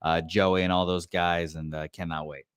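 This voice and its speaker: A low-voiced man chats loosely and rambles, full of "uh" and "you know", joking at his own expense. His voice is dry and close on the mic, with no room around it. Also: little pitch movement, moderate pace, smooth, dry recording. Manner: rambling, self-deprecating, many fillers. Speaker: co-host. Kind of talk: casual chat and race calling. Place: his new apartment.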